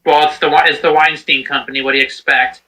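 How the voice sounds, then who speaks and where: A man's voice: on the high side, little pitch movement, quick pace, sharp tone, rough recording. A man co-hosting a casual chat, joking and swearing freely. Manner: profane, joking. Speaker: podcast co-host.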